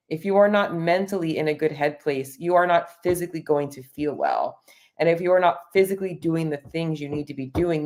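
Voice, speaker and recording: A woman with a low voice talks through a live coaching chat. She is earnest and restarts her phrases often, repeating words as she works out what she means. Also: darkish tone. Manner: earnest, repeats words while searching for them.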